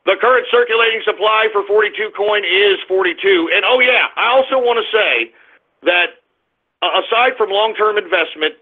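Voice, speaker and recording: A man hosting a talk radio show, brash and profane, swinging from loud shouts to low mutters. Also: normal speed. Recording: phone-like narrow band.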